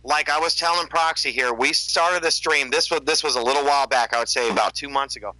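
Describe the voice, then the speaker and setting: A man on a casual podcast, ranting with animated storytelling and mocking the voices of the people he quotes. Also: medium pitch, fast talker, dry recording, low-quality recording. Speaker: podcast co-host, YouTuber.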